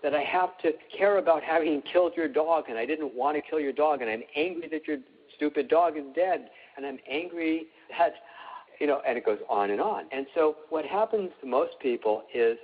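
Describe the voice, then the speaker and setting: A middle-aged man explains emotional healing to a live online class, calm and instructive, leaning on repetition to drive points home. His voice is a little husky and comes through a narrow, tinny line like a phone call. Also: fairly high pitch, normal speed.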